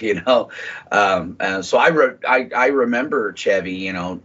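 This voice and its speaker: Man, husky, casual podcast guest, swears freely and rambles, muffled lo-fi audio. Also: lowish voice, normal speed, sharp tone. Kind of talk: casual chat.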